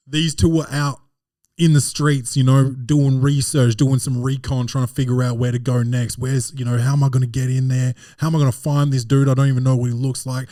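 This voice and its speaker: Male podcast host, mid-pitched, dry close sound, animated and profane comic recap. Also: dry recording. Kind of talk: comedic film recap.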